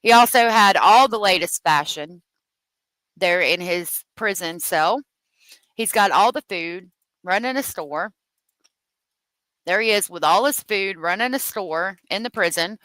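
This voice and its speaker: A woman's voice: medium pitch, lively intonation, measured pace, pauses often, fairly bright tone, no echo, poor audio. A woman hosting a true crime livestream, heated and profane as she talks, thanking viewers for their donations. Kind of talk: angry live commentary.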